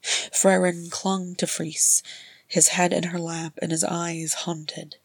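Woman audiobook narrator, lowish breathy voice, measured reading. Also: little pitch movement, no echo. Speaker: audiobook reader. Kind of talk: scripted narration.

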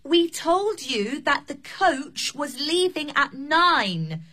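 A fussing hotel receptionist. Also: female voice, high-pitched, big pitch swings, bright, forceful tone, full character voice. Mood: flustered. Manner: speaks slowly and clearly to be understood. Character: flustered female hotel receptionist. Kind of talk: scripted learning drama.

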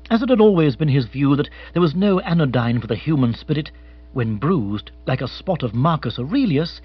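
A man reading a comic novel aloud as audiobook narrator, in an expressive, animated way. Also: on the high side, slightly rough, dull audio.

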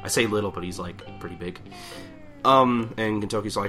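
A man's voice: sits low, steady tone, fairly quick, bright, forceful tone, faint music behind. A young man co-hosting a podcast, recapping manga chapters in a rambling, casual way that keeps stopping and restarting. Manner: rambling, self-interrupting, acts out characters' lines. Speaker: podcast co-host.

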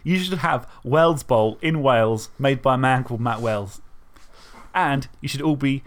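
A man's voice: medium pitch, normal speed. Rambling southern English man. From Isle of Wight. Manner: rambling, chatty, self-mocking, with swearing. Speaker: podcast co-host. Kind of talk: casual chat.

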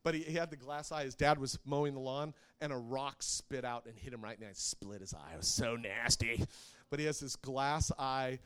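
A man's voice: medium pitch, moderate pace, fairly bright tone, smooth. A man preaching a sermon to a live congregation, conversational and joking, asking the audience questions. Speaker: pastor.

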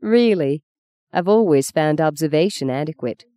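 A reader voicing Justine, a cool, self-possessed young woman with a crisp, dry, teasing manner. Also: mid-range voice, expressive, moderate pace, warm tone, dry recording, natural voice.

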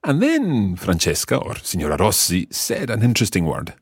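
Deep-voiced husky male language teacher. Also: huge pitch swings, moderate pace, no room sound, clean studio sound. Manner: patient, explains step by step and quizzes the learner. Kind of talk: explaining a language lesson.

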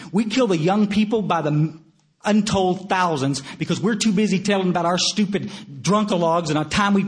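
An older man, possibly from Texas, giving a recovery meeting talk as a blunt, folksy storyteller who stammers through restarts and swears now and then. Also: sits high. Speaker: recovery speaker.

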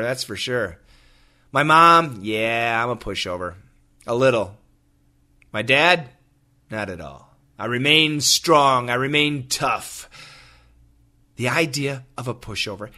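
A man's voice: a little high, bright, forceful tone. A middle-aged man hosting a casual English-teaching podcast, joking around playfully and putting on silly voices to explain words. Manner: playful, jokey, slips into silly put-on voices.

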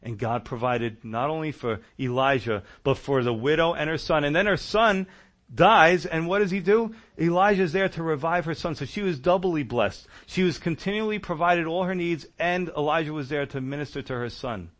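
A man preaching a sermon, telling stories in a conversational, animated way. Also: fairly high pitch, normal speed.

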